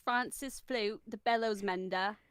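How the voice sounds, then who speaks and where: A woman voicing a fussy male carpenter who casts a play, brisk and clipped with a shaky put-on accent. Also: mid-range voice, fairly even intonation, smooth, dry recording, clean studio sound, close to an everyday voice. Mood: bossy.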